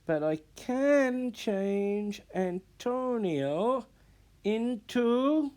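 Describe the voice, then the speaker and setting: A man's voice: very high-pitched, lively intonation, extremely slow, darkish tone, clear, resonant tone, pitched above the performer's own voice, heavily acted. A man reading a storybook aloud, voicing a clever young girl apprentice who warns and scolds. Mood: calm. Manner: stern and warning.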